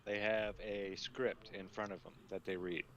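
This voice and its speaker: A man with a fairly low voice talking on a casual panel. He explains his ideas calmly and matter-of-factly. A faint hum of ambient noise sits under his speech. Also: normal speed, muffled recording. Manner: calm, explanatory, matter-of-fact. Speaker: panel guest. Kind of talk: casual chat.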